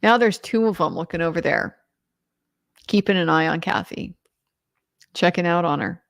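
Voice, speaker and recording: A woman's voice: fairly low pitch, normal speed, vocal fry. A woman as a legal commentator, giving a casual trial recap in a conversational way with lots of filler words.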